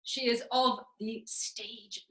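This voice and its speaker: A woman's voice: on the high side, level tone, slow pace, fairly bright tone, echoey room. A woman playing a self-important, grandiose theatre dame who hosts a comic master class over a video call. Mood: grand. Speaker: host of a live online master class. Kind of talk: comic character performance.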